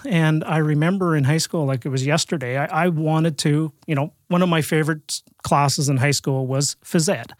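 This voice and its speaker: A middle-aged Canadian man tells a long story as a podcast guest, with a somewhat high voice. He talks in a loose, chatty way, repeating words and starting over. The sound is dry and close. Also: normal speed, hardly any pauses, no echo. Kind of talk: storytelling in a casual interview.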